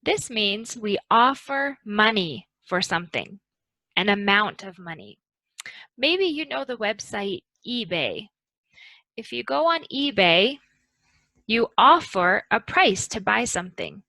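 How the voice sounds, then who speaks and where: Bright, crisp woman teaching English. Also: medium pitch, big pitch swings, no room sound, low-quality recording. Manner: slow, careful, modeling intonation. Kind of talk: pronunciation lesson.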